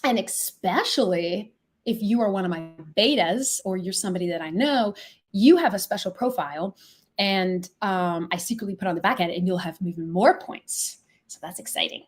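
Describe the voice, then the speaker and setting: A logistics software founder hosts a live product demo, walking viewers through the software in a casual chat. Her pitch sits in an ordinary middle range, and she quickly gets excited, gushing freely and dropping the odd swear.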